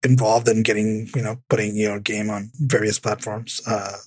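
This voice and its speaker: A man with a husky, slightly breathy voice chats about tech on a podcast, circling back over his words with lots of fillers and restarts. The sound is dry and close to the mic, with no room around it. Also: fairly low pitch, flat delivery, moderate pace, a little mellow, dry recording. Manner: rambling, many restarts and fillers. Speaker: podcast co-host. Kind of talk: casual tech podcast chat.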